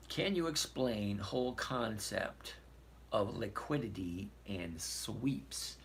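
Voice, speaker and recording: A man's voice: on the low side, animated, takes it slowly, fairly bright tone, a little hiss or hum. A man hosting a live trading stream, reading viewer questions aloud and bluntly talking through numbers on his screen. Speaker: trading show host answering viewer questions. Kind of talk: casual live stream chat.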